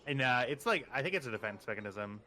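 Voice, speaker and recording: Lively-pitched man running a tabletop game. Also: quick pace. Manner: animated rambling storyteller, squeaky high voice for quotes. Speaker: game master. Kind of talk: casual pre-game banter and game narration.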